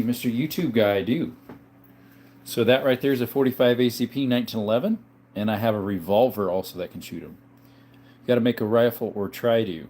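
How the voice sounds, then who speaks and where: A man's voice: lowish voice, brisk, a little mellow. A man hosting a livestream, casually reading viewer comments aloud and answering their questions one by one in a laid-back way. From Arizona, US. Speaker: livestream host.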